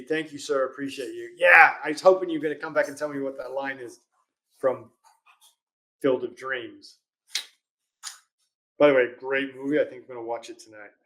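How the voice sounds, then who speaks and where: A man hosting a live question-and-answer stream, reading viewer questions aloud in a casual, chatty way and laughing often. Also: a little high. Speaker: host of a live legal Q&A stream.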